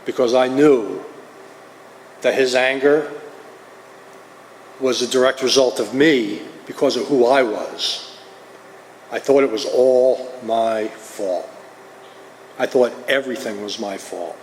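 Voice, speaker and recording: At a recovery meeting, a New Jersey man gives a personal testimony, confessing his story earnestly. His medium-pitched voice moves slowly with long pauses. The meeting hall sounds roomy, with faint ambience and slight background noise.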